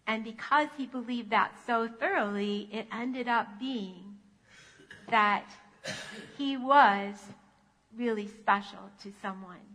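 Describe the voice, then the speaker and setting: Woman pastor, storytelling sermon, animated, bright forceful tone, long church echo. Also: fairly high pitch, measured pace. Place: church sanctuary. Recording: echoey church sanctuary.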